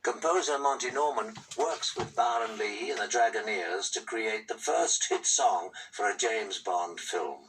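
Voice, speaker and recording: A man narrating a documentary in a scripted, measured way, reading out dates and facts. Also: lowish voice, a bit bright, slight background noise. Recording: distant sound with music behind.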